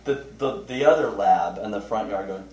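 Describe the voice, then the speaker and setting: A man teaching a small Bible study group, chatty and animated, asking questions and telling funny stories. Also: lowish voice, moderate pace. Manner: tells funny anecdotes with restarts. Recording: roomy, distant mic, faint noise.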